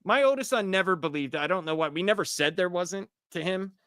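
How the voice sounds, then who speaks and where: A man chatting as a podcast guest, telling stories in a profane, animated way. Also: high voice, fast, dry recording. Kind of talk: casual podcast chat.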